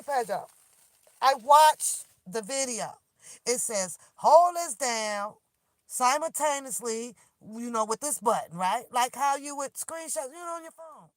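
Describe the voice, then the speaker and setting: A woman's voice: high-pitched, no room sound. A woman vlogging from her car on a phone, ranting in an exasperated, laughing way and swearing freely. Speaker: vlogger talking to her viewers. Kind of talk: animated casual rant to camera. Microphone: phone camera.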